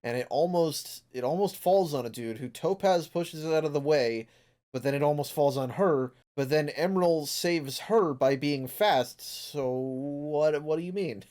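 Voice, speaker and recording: A man's voice: a little high, unhurried, darkish tone. A man hosting a casual comic review chat, rambling and joking with fillers and swearing. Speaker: podcast host.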